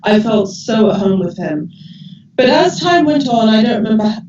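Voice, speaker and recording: Older woman, gentle halting storyteller. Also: fairly high pitch, expressive, muffled recording. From England. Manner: gentle, hesitant, many restarts and fillers. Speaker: guest speaker sharing memories. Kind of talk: casual storytelling over video call. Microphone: video call.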